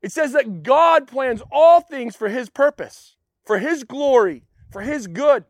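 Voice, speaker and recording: A man's voice: very high voice, animated, measured pace, dry recording. A man preaching a sermon, telling a personal story and putting questions to his listeners. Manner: storytelling, acts out quotes, asks the audience questions. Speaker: pastor.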